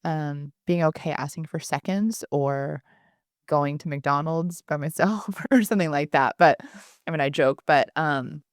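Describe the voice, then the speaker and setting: A woman's voice: low-pitched, measured pace, no room sound, clean studio sound. A woman in her thirties co-hosting a podcast, talking candidly and laughing often as she speaks. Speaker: podcast co-host. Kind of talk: casual podcast chat.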